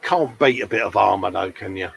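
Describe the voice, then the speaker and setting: A man's voice: lowish voice, fairly quick, gravelly, breathy edge, no echo, low-quality recording. Friendly male host, easygoing chat, leans on "mate" and tag questions. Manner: chatty, matey, full of tag questions. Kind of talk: casual live-stream chat.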